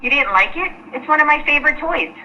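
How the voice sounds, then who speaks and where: A woman playing a shy girl who is being teased, speaking softly and sounding hurt in a school skit. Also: sits high, animated, quick pace, highs cut off, a little hiss or hum, exaggerated voice.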